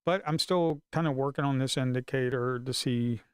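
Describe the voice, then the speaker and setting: A man's voice: medium pitch, normal speed, clear, resonant tone, no echo, studio quality. A man live-streaming his futures trading, talking to himself in a casual, frustrated way and swearing under his breath.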